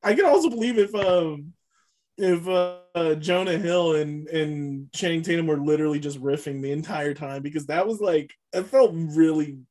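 A podcast co-host in a casual movie review chat, animated and profane, quoting scenes between bursts of laughter. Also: mid-range voice, normal speed. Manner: animated, swearing, bursts of laughter and quoted bits.

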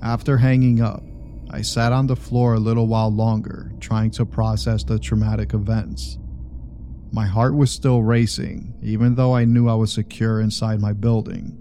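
A man reading a first-person story aloud as scripted narration, in a steady, measured way. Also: fairly low pitch.

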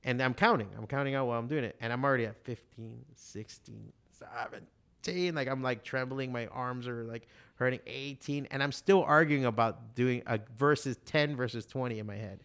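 A man with a smooth, resonant voice at medium pitch, chatting casually. He tells lively stories full of swearing and slips into other people's voices when he quotes them. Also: a little fast, few pauses. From Miami, USA. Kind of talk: casual chat.

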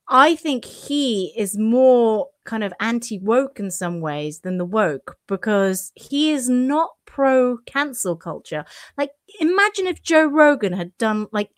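A woman's voice: a little high, no echo, studio quality. A woman co-hosting a podcast in casual chat, hesitant with many restarts and frequent laughter. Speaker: podcast co-host.

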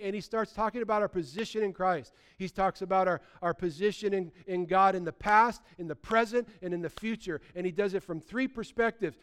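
Pastor in his sixties, high smooth voice, goes loud then drops to quiet asides. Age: 60s. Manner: animated, swings between loud bursts and quiet asides. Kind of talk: sermon.

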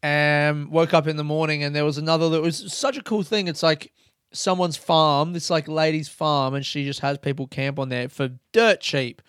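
A young man with a slightly high, smooth, clear voice, chatting loosely on his podcast. He swears, laughs and wanders between anecdotes. The sound is close and dry. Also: fairly even intonation, moderate pace, a bit bright, no room sound. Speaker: comedian podcast host. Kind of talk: casual storytelling podcast.

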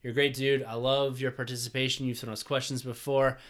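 A man's voice: medium pitch, little pitch movement, fairly quick, a bit bright. A man hosting a podcast, chatting earnestly and enthusiastically with his co-hosts and thanking listeners. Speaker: podcast host. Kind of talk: casual podcast chat.

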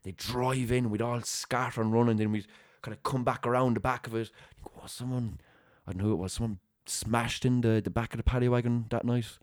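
A young man, hosting a podcast and telling an animated story in casual chat. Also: medium pitch, a little fast, few pauses, no echo, studio quality. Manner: animated anecdote-telling with acted-out quotes and laughter. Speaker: podcast host.

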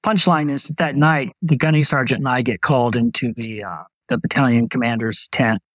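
An older man, a retired Navy doctor, telling stories as a guest in an interview, relaxed and anecdotal. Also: mid-range voice, brisk, no echo, low-quality recording. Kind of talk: storytelling in an interview.

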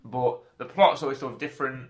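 A man's voice: medium pitch, fast talker. A man co-hosting a film podcast, chatting casually and joking about movies with playful impressions. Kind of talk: casual chat.

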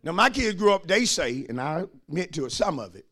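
Shouting preacher, high and bright. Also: male voice, big pitch swings, a little fast. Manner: swings from quiet asides to shouted preaching. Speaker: pastor. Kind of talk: sermon.

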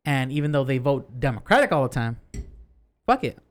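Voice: medium pitch, sing-song, a little fast. A podcast co-host from California ranting in a heated, profane way during casual chat.

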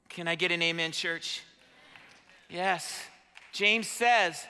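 Fervent high-voiced male preacher. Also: unhurried, pauses often, bright, forceful tone, smooth. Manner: fervent call-and-response preaching. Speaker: pastor. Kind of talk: sermon. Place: church sanctuary. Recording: long hall reverb.

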